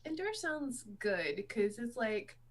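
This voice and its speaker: A woman's voice: fairly high pitch, sing-song, takes it slowly, slight background noise. A woman playing a tabletop game, chatting casually and giggling as she picks skills. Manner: giggly, upbeat. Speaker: player.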